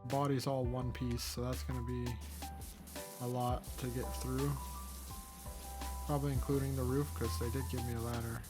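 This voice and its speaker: A man's voice: medium pitch, flat delivery, normal speed, pauses often. Chatty young man rambling over game music. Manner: rambling, chatty, easily amused. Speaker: gaming channel host. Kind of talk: casual let's-play commentary. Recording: game music playing underneath. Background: background game music.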